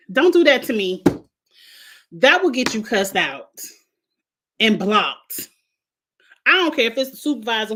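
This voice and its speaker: A woman's voice: medium pitch, sharp tone. A woman hosting a casual livestream, talking bluntly about a reality show, laughing often and greeting viewers by name. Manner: greets chat viewers by name between remarks. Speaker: show reviewer and livestream host.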